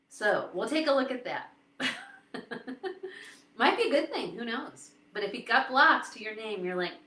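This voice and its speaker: Casual host, female, bright tone, talky and giggly, echoey room. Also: mid-range voice. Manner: chatty, laughs often, quotes others in lively voices. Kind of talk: casual live-stream talk.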